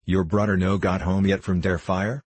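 Man doing kindly housewife, broken English, low voice, husky. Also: flat delivery, normal speed, no room sound. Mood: consoling. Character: kindly stout German woman, fifty.

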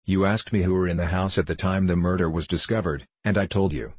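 A man's voice: low-pitched, fairly even intonation, a little fast, darkish tone, husky, no echo. A man voicing a polite, deferential male household servant in a storybook reading. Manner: formal, deferential.

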